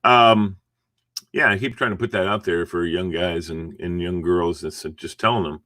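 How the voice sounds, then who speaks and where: A man's voice: deep voice, fairly even intonation, moderate pace, sharp tone, no room sound, clean studio sound. A middle-aged man chatting casually and rambling as he hosts a morning live stream from home; he sounds sleepy and yawns between thoughts. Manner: rambling, chatty, yawning, chuckling asides. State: sleepy, just woke up. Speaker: host of a morning encouragement livestream.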